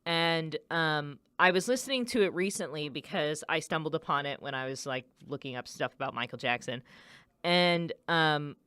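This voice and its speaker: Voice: medium pitch, moderate pace, sharp tone, clean tone, no room sound. A radio DJ chatting casually, rambling with many fillers and self-corrections. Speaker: radio DJ host.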